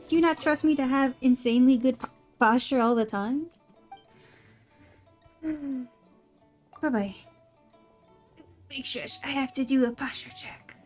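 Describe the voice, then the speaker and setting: A woman's voice: high voice, darkish tone. A young woman streaming a video game, chatting casually with her viewers, exasperated and swearing freely while she has the hiccups. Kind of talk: casual live-stream chat while gaming.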